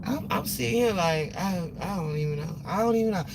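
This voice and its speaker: A woman venting on a phone live stream from her parked car, rambling and repeating herself, with sudden loud outbursts. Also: lowish voice, expressive, fairly quick, slight background noise. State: upset after losing her job. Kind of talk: casual venting monologue. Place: parked car in a parking lot.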